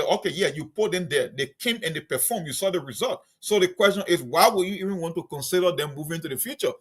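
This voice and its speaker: Argumentative man with a higher voice. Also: expressive, fast, hardly any pauses, fairly bright tone, husky. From Liberia. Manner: argumentative, reasoning step by step. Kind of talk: political debate.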